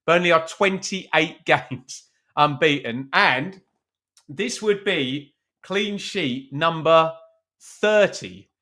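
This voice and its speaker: A man's voice: a little high, drawn-out words, sharp tone. A man hosting a live football watch-along stream from his room at home, chatting casually with viewers and poking fun at himself. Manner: chatty, self-mocking, reads out viewer names. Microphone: webcam stream at his computer.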